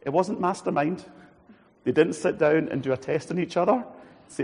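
A man preaching a sermon in a church hall, animated and acting out quoted voices. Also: on the high side, moderate pace, gravelly, breathy edge. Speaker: pastor.

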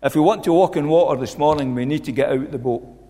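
A man's voice: a little high, fast talker, mellow. A man preaching a sermon, earnest and repeating his key lines for emphasis. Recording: long hall reverb.

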